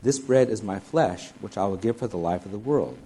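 A man's voice: fairly low pitch, expressive, a little fast, mellow, slightly rough, poor audio. A man preaching a sermon, reading scripture aloud and explaining it verse by verse. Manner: expository, reads scripture aloud then explains it. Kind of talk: sermon, Bible teaching.

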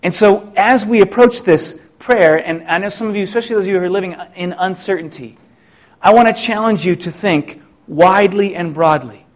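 A middle-aged pastor preaching a sermon, reflective and full of rhetorical questions, with frequent restarts. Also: male voice, high-pitched, fairly quick.

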